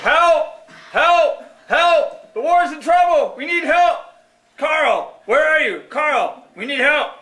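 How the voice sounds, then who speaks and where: A shrill, panicky leader puppet shouting for help, put on by a man. The voice sits far above his normal register and rings loud and bright in an echoey hall. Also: normal speed, a faint crowd, a little hiss or hum. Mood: panicked. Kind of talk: live puppet show.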